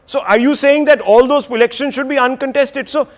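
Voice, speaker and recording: A man's voice: very high voice, fairly quick. A man moderating a televised news debate, pressing guests with rhetorical questions.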